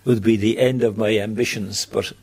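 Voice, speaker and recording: An older man reminiscing in an interview about his newspaper years, halting and restarting his phrases. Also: on the low side, fairly even intonation, creaky, darkish tone, slightly rough.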